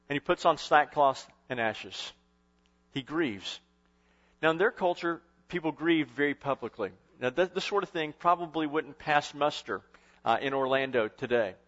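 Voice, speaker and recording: A man's voice: on the high side, a bit bright, dull audio. A male pastor preaching a sermon in a conversational way, with frequent restarts, swelling and dropping in intensity. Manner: conversational, rising and falling in intensity with short restarts.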